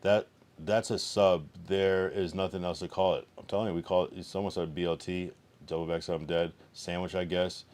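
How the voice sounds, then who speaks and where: Deep-voiced profane male streamer. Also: flat delivery, fairly quick, darkish tone. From East Coast of the US. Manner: profane, loose, chatting to live chat. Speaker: livestreamer. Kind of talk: casual livestream chat.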